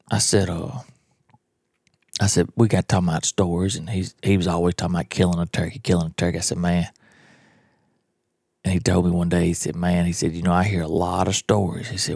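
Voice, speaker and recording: A man's voice: sits low, vocal fry, a little mellow, husky, no echo, studio quality. A man, telling a hunting story in a folksy, blunt, drawling way as a podcast host. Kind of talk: storytelling monologue.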